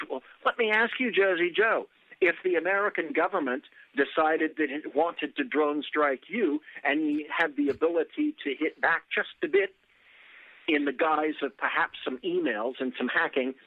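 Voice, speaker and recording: A man's voice: a little high, no room sound. A man on a political talk podcast, sardonic and wordy with formal phrasing. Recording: tinny phone line.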